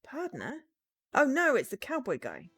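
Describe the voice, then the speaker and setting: A woman's voice: mid-range voice, very animated, brisk. A woman casually commenting on a video game as she streams it, playful and chatty. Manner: playful, reads game text aloud. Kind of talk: casual let's-play commentary.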